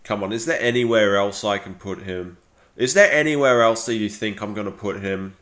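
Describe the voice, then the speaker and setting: A man's voice: on the low side, moderate pace, a bit bright. A man giving casual live-stream commentary, rambling with lots of fillers and restarts.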